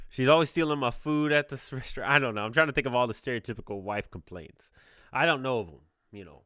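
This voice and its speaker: A man's voice: mid-range voice, expressive, fairly quick, pushed and bright, dry recording, clean studio sound. A young man hosting a casual podcast, talking in a rambling, jokey way and laughing often. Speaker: podcast host.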